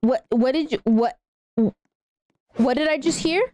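A young woman in her late teens with a girlish, childlike voice, chatting excitedly and giggling as she streams a game and thanks donors. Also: high voice, unhurried, dry recording. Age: young adult. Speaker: live streamer. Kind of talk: casual livestream gaming chatter.

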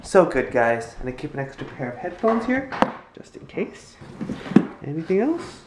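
A man's voice: fairly high pitch, sing-song, moderate pace, very noisy. A young man chatting casually to viewers in a rambling home vlog. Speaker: family vlogger.

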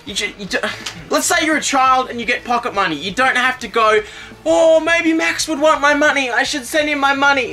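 Young Australian guy, bright and sharp-toned, reads fan mail in a joking, offhand, foul-mouthed way. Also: sits high. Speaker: YouTuber host reading fan mail. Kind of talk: casual chat.

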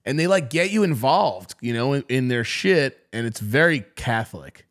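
A man's voice: medium pitch, lively intonation, normal speed, fairly bright tone. A young man hosting a casual podcast, telling stories full of swearing and quoted voices. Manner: swears a lot, storytelling with mimicked quotes. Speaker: podcast host.

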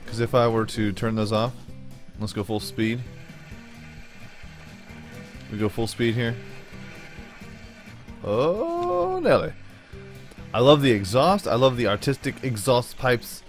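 A gaming channel host with a medium-pitched voice chats at a moderate pace over soft background music during a let's-play. Excitable and slangy, he rambles and talks to himself as he plays.

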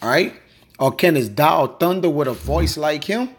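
A husky, slightly high-pitched man gives an informal Bible lesson. He reads scripture aloud and keeps dropping "man" and "all right" between phrases. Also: animated, a little slow. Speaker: Bible teacher.

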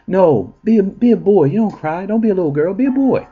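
A man putting on a high cooing parent. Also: lively intonation, fairly quick, slightly rough, narrow, tinny audio, heavily acted. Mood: scolding. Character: fussing parent comforting a crying child.

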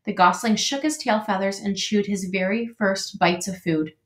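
A woman teacher reading a children's novel aloud in an expressive, animated way. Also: medium pitch, moderate pace. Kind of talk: storybook read-aloud. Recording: roomy echo.

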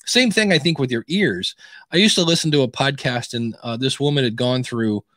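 Male co-host, casual chat, lively storyteller, dry close mic. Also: medium pitch, normal speed, no echo. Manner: animated storyteller, laughs easily. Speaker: podcast co-host. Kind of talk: casual live-stream chat.

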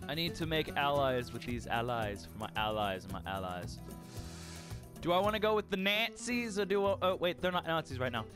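A man's voice: on the high side, expressive, brisk, music in the background. A young man giving casual let's play commentary, profane, exasperated and joking. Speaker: gamer.

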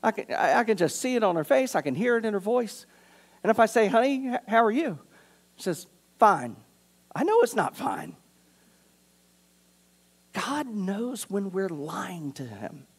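A man pastor preaching a sermon in a church, earnest, moving from urgent appeals to hushed, quiet passages. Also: sits high, big pitch swings, normal speed, long pauses, slightly rough. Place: church sanctuary.

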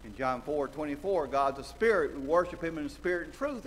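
A man from central Alabama, preaching a sermon, swinging between loud exclaiming and low quiet asides. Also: expressive, moderate pace. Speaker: visiting preacher. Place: church sanctuary. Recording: church hall reverb with faint noise.

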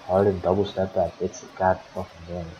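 In a low, level, mellow voice, a man briskly narrates his own team's simulated basketball game as its sim-league manager, grumbling at his players and swearing a lot. There's a little hiss or hum on the dull lo-fi recording.

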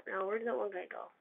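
Excitable gamer on a tinny mic. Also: mid-range voice, gravelly. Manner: excitable, trash-talking the other players. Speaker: gamer narrating own play. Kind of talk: casual gameplay commentary. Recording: tinny lo-fi mic with faint hiss.

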